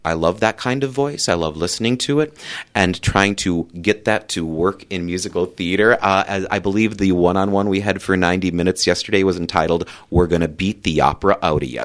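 Picture a man in a radio interview, promoting his theater season with plenty of eager energy. His voice leaps up and down in pitch as he gets excited, with the odd filler and restart. He sounds like a musical theater director talking about his shows. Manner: enthusiastic, animated, big pitch swings.

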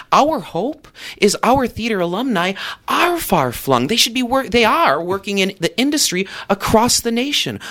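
A man who directs musical theater, talking with energy and lots of pitch swings as a guest on a radio interview. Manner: enthusiastic, animated, big pitch swings.

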